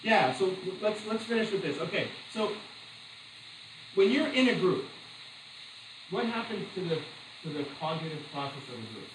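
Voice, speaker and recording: Speaking at a moderate pace with frequent pauses, this male teacher addresses his class in a slightly high, animated, chatty voice. He breaks off for stories he laughs at, in an echoey room with a faint background hum.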